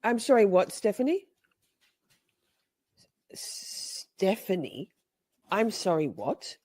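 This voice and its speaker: A woman chatting casually as she reacts to a trial, giggly and playful, swinging from soft whispers to high squeals. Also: big pitch swings, slow pace, a little hiss or hum.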